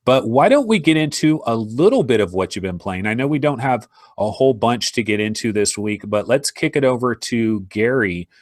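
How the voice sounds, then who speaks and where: A man hosting a podcast in casual chat, animated and acting out imagined listeners. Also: mid-range voice, normal speed, hardly any pauses, no echo, clean studio sound. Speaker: podcast host.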